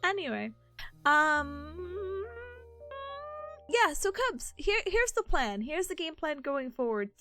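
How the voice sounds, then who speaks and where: A woman chats casually from home, giggling often as she rambles. Her voice sits high and swings widely in pitch. Faint music plays quietly behind her. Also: slow, pauses often. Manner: animated, jumps into high-pitched impressions. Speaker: livestream host. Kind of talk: casual study-stream chat. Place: at home, seated.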